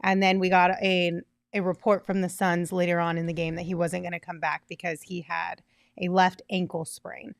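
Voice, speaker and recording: A woman hosting a casual sports podcast, upbeat and quick to laugh. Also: lowish voice, little pitch movement, creaky, no room sound, studio quality. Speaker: podcast host.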